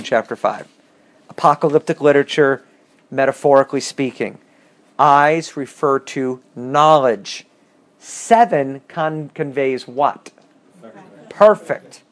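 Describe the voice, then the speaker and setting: A man leading a bible study, reading verses and explaining them with lively questions to the class. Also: on the high side. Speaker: bible teacher.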